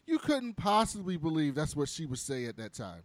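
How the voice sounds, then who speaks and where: Dude recapping a movie, lots of ums and likes. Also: male voice, on the high side, sing-song, fairly quick, dry recording. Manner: rambling plot retelling with fillers. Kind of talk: casual movie review chat.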